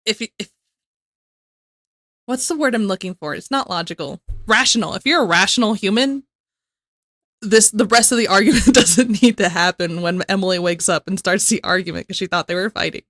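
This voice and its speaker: A woman's voice: medium pitch, brisk, a bit bright, no echo. A woman hosting a reaction video, chatting in a rambling way and laughing often. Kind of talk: casual reaction commentary.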